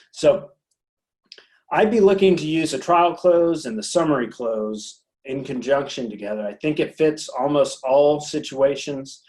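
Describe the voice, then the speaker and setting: A man's voice: fairly high pitch, darkish tone. A man presenting a sales training session as a consultant, talking in a coaching way, repeating words and checking in with "right?". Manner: acts out customer dialogue in quick quotes.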